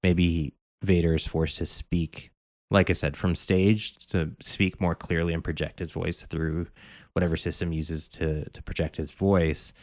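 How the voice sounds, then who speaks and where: A man's voice: low voice, level tone, a little slow, a little mellow, no room sound, clean studio sound. A man co-hosting a podcast, talking casually and rambling with many filler words. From Canada. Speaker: podcast co-host. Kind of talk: casual chat.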